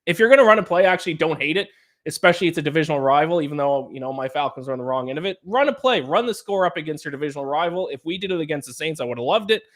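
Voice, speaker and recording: A man's voice: fairly high pitch, animated, very fast, fairly bright tone. A young man co-hosting a sports podcast, breaking down games in long, analytical explanations. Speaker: podcast co-host. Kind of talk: casual sports podcast chat.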